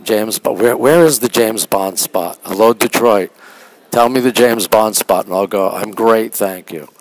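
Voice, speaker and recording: A man from Canada keeps his somewhat low voice down to a hush as he livestreams from a quiet art museum. He chats casually and greets his viewers one by one by name. He speaks into a phone microphone held close. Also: measured pace, dry recording, low-quality recording. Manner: talking low and hushed. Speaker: livestream host. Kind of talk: casual live-stream chat.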